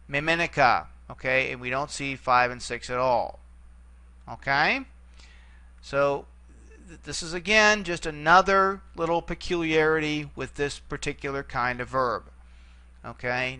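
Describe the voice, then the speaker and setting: A man teaching a recorded lesson, patiently explaining and slowly repeating each word form, with many okays. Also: fairly high pitch, pushed and bright, clean tone, no room sound. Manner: frequent okay fillers, patient explaining. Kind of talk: recorded classroom lecture.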